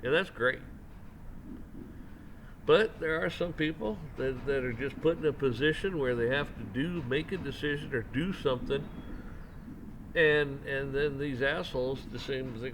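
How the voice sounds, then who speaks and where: A man's voice: on the high side, moderate pace, background noise. A man hosting a commentary channel, giving a casual opinion rant, rambling and often repeating and restarting his words.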